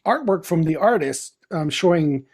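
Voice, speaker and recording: A middle-aged man with a notably high voice for a man, telling stories in a casual podcast chat. He is animated and laughs often, slipping into other people's lines as he goes. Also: moderate pace. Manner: animated, laughing storyteller who acts out quotes. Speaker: podcast guest, comic writer. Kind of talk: casual anecdotal storytelling.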